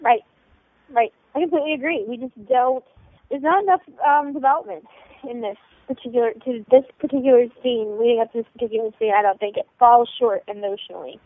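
A woman co-hosting a casual chat podcast, agreeable and quick to back up her co-host. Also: on the high side, dry recording. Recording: phone line, dry.

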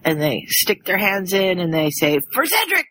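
A woman's voice: lowish voice, fairly even intonation, moderate pace, a bit bright, no echo, poor audio. A woman in casual chat, enthusiastically retelling a story to friends.

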